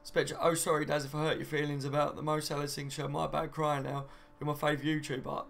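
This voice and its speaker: A man's voice: fairly high pitch, level tone, a little fast, vocal fry, fairly bright tone, a little hiss or hum. A young man hosting a live stream, reading out viewer comments in a chatty, matey way. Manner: chatty and matey, often says "mate" and "do you know what I mean".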